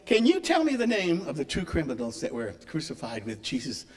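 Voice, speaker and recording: A man's voice: on the high side, wildly swooping pitch, brisk, darkish tone. A man voicing an older male priest questioning a new worker in a told joke.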